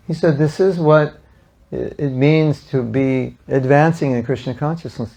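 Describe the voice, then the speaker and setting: Gravelly older man telling stories. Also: mid-range voice, highs cut off. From United States. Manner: animated storyteller, acting out quotes with laughs. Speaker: speaker at a devotional gathering. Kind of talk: storytelling talk to an audience.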